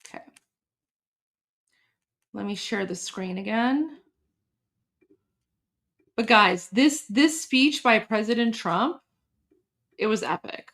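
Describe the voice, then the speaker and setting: Hosting a laid-back livestream, this woman speaks slowly in a medium-pitched, slightly bright voice, animated and full of pauses. She rambles emotionally, frequently cutting herself off and restarting.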